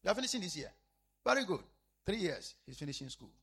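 A man preaching a sermon as an apostle, repeating his phrases and swinging from shouted emphasis to low, quiet asides. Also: very animated, quick pace, breathy edge.

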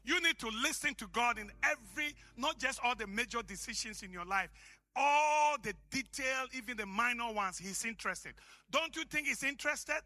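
A male pastor from Africa preaching a sermon, telling stories and shouting key lines for emphasis. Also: very high voice, expressive, normal speed, no room sound.

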